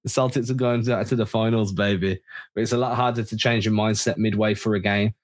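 A man's voice: fairly low pitch, steady tone, brisk. A man co-hosting a sports podcast, giving emphatic opinions in casual chat. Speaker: podcast co-host.

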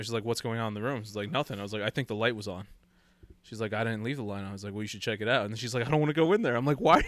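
A man with a middle-pitched voice tells a rambling story in easy, casual chat. He's animated, acting out quoted voices and laughing often, and the sound is dry and close with no room sound.

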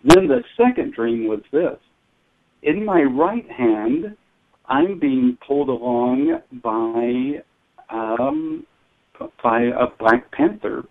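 A man guest telling stories on a talk show, halting and hesitant with frequent restarts, heard over a phone line. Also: medium pitch, very animated, creaky, slight background noise. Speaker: guest dream expert. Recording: tinny phone-line sound.

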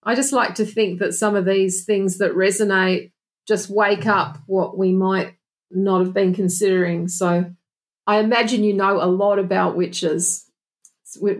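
A woman's voice: medium pitch, fairly even intonation, unhurried. A woman guest, a past life regression therapist, speaking earnestly and reflectively in a casual interview, often restarting her sentences. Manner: earnest, reflective, with frequent restarts and "you know".

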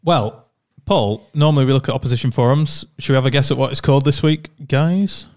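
A man's voice: mid-range voice, a little fast, a little mellow. A man hosting a casual football fan podcast, chatty and teasing, steering the topics. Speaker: podcast host.

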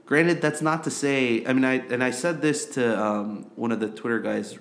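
A young man who grew up in Korea talks sports in a loose, casual podcast chat. He rambles, leans on "like" and "um", and circles back over the same phrases before landing his point. His voice sits at an ordinary middle pitch. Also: normal speed, vocal fry. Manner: rambling, filler-heavy, repeats himself. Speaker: podcast co-host.

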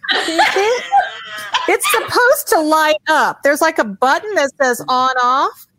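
An unhurried woman co-host, high-pitched and chatty, who jokes at her own expense. She talks slowly over a video call, and the sound is close and dry, with no room echo. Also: lively intonation, sharp tone. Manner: laughing, self-mocking. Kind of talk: casual chat.

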